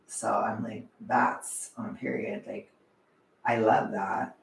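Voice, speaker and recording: A young man chatting casually on a livestream, animated and chatty, sometimes swearing, laughing often, heard from a distance. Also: fairly low pitch, slow pace, gravelly, a little hiss or hum. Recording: echoey room, away from the mic.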